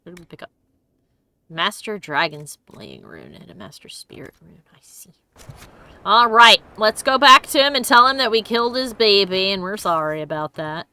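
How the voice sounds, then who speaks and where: A woman's voice: mid-range voice, very animated, normal speed, pushed and bright, smooth. A woman hosting a let's play, chatting casually and giggling as she plays. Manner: chatty and giggly, exclaims often. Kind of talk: casual gameplay commentary.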